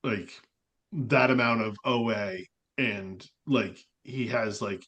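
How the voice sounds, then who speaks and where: A man's voice: lowish voice, takes it slowly, muffled recording. A man co-hosting a podcast, talking in a loose, rambling way with lots of fillers. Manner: rambling, animated, frequent "like" fillers. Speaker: podcast co-host. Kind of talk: casual podcast chat.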